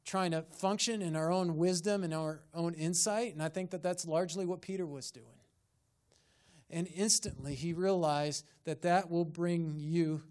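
A man's voice: fairly high pitch, darkish tone. A man, a pastor, preaching a sermon and pressing his congregation with rhetorical questions and rising emphasis in a church sanctuary.

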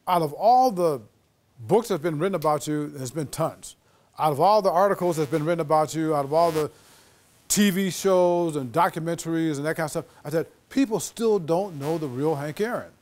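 Animated middle-aged man telling stories in a lecture. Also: a little high. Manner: animated storyteller acting out quoted dialogue. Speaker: guest lecturer and author. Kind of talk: storytelling lecture to students. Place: lecture hall.

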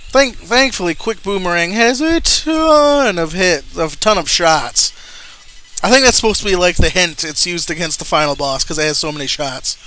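Bright-voiced young man commenting on gameplay. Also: high-pitched, expressive, normal speed. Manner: frustrated, swearing outbursts at the game. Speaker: let's play commentator.

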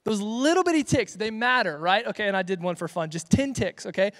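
A man's voice: sits high, animated, brisk, a bit bright, in a large hall. A young man giving a casual, joking youth sermon on a livestream, rambling and correcting himself as he goes. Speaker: youth pastor.

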